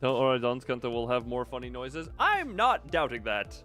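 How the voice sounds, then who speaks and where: Brief: playful male streamer, lively swooping delivery, hams up dialogue, faint game music. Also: mid-range voice, normal speed. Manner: playful, joking, often reads lines in a hammy voice. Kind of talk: casual live-stream game commentary and dialogue reading.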